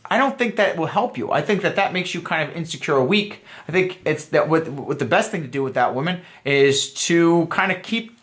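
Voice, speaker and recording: A man's voice: on the high side, fairly bright tone. A man giving earnest, emphatic dating advice straight to camera, talking to viewers as guys. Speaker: dating coach. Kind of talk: direct-to-camera coaching talk.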